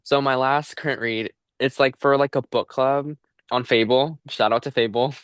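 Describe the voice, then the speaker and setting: A young adult man co-hosting a casual book chat, relaxed and halting, often stumbling over words. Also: mid-range voice, smooth, no echo, studio quality. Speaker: co-host of a book podcast.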